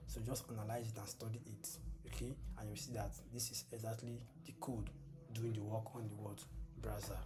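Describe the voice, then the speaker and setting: Over a screen share, a male coding tutor teaches patiently and repetitively, often asking the class "what?" and then supplying the answer himself. He speaks fairly quickly in a low, flat voice, with background music playing.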